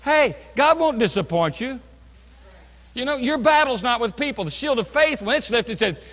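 A man with a high-pitched voice preaches a sermon from a church sanctuary, and his words ring out in a long hall reverb. He swings from loud, emphatic bursts down to hushed, lower passages. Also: expressive, normal speed. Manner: preaching with sudden loud bursts and drops to quiet. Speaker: pastor.

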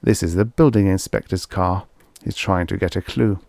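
A man voicing a harried, pleading male garage partner in an audiobook, close to his own low voice. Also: fairly even intonation, moderate pace, vocal fry, a little mellow, dry recording. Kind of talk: audiobook character voice.

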